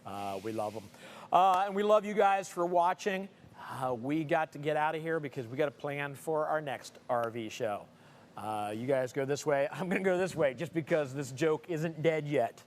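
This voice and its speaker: A man's voice: on the high side, moderate pace. A middle-aged man co-hosting a live stream, telling jokey stories with frequent laughs. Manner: jokey storyteller, laughs often. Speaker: co-host of live stream show. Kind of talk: casual banter on a live stream. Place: showroom with staff working nearby.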